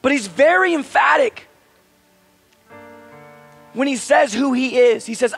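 A man's voice: very high-pitched, measured pace, creaky, long pauses, a bit bright, husky, faint music behind. A male pastor preaching a sermon in a conversational, emphatic way, asking his listeners questions.

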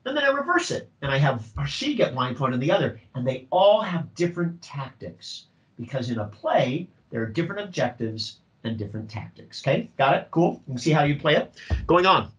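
Middle-aged male drama teacher, lively workshop delivery, slightly raised pitch, swings up and down a lot. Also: a little fast, poor audio. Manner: animated, acts out student voices.

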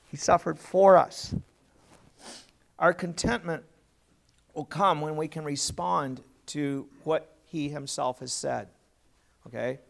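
A man's voice: fairly high pitch, vocal fry. A man preaching a sermon as pastor, earnest and plain, putting questions to his congregation.

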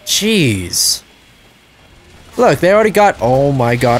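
A man giving live gameplay commentary as a channel host, excitable and prone to loud frustrated outbursts and swearing. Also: medium pitch, slow pace, a little hiss or hum.

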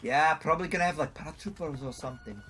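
A man's voice: fairly high pitch, quick pace, fairly bright tone. A man chatting while playing a video game, joking in a put-on Scottish accent and laughing a lot. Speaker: gamer. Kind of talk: casual gaming chat.

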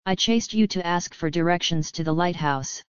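A woman narrating does a proud young man who hits back with quick words. The tone stays low and very smooth. The recording is dry and a little muffled. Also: no room sound, close to an everyday voice. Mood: wary. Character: proud, quick-tongued young male traveler.

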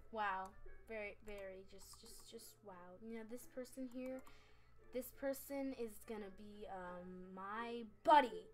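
A woman's voice: mid-range voice, measured pace, a little mellow, faint music behind. A young woman chatting over her gameplay, rambling and scatterbrained, giggling at herself. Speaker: gaming vlogger. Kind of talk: casual game commentary.

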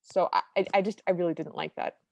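A podcast co-host speaks in a lowish, steady, creaky voice, talking fast, with no room sound. She casually recaps a cartoon in a wry, detailed, opinionated way.

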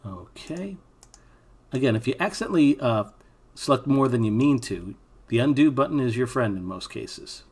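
Speaking at a moderate pace, this man has a mid-range, darkish, husky voice that's quite expressive. He's an animation instructor in a screen-recorded tutorial, reasoning out loud as he works and chatting casually with his students.

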